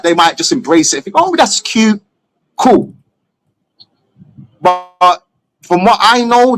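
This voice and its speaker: A man's voice: sits high, fairly bright tone, a little hiss or hum. A man from England, a stream guest talking bluntly and opinionatedly, swearing freely. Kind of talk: casual chat on a live stream.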